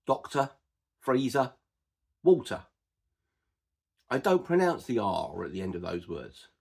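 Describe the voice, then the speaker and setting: A man with an Estuary English accent, from the edge of East London and Essex, explaining dialect features in an unhurried way with frequent "uh" and "um". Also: mid-range voice, creaky, darkish tone, slightly rough. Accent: Estuary English, Cockney-like. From edge of East London and Essex, England. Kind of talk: informal spoken lesson.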